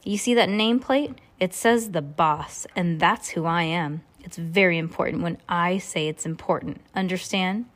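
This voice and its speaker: A woman's voice: lowish voice, normal speed, hardly any pauses, close to an everyday voice. Woman reading as a bossy, curt mill boss. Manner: curt, barking orders. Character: bossy impatient male lumber mill boss.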